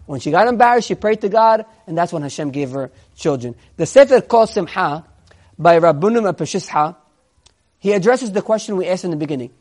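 A man's voice: sits high, a little fast. A man giving a sermon, asking rhetorical questions and mixing Hebrew phrases into his English. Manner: lively, swinging between soft and emphatic. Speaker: rabbi giving a Torah class.

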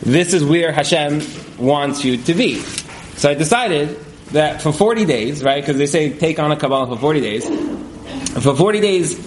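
A man's voice: a little high, expressive, moderate pace. A man telling stories to a live audience in a casual, chuckling way, filling his talk with fillers. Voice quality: frequent fillers and chuckles, conversational. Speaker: speaker at a community event. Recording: echoey room, faint background noise.

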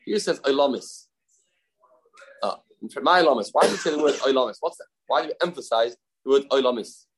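A man teaching a daily Talmud class, explaining quickly and mixing in Aramaic terms with frequent restarts. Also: medium pitch, lively intonation, a little hiss or hum, rough recording.

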